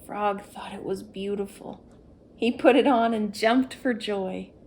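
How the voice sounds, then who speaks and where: A woman reading a children's picture book aloud, gentle and steady. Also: mid-range voice, slight background noise. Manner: slow, gentle storytime reading. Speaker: storyteller. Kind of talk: children's read-aloud story.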